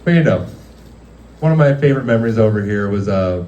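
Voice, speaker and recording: A man's voice: on the low side, expressive, brisk, warm tone, recorded from a distance, lo-fi sound. A man in his thirties doing casual stand-up in a restaurant, rambling and laughing through his stories with lots of "like". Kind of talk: casual stand-up comedy storytelling. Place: dimly lit restaurant, live audience.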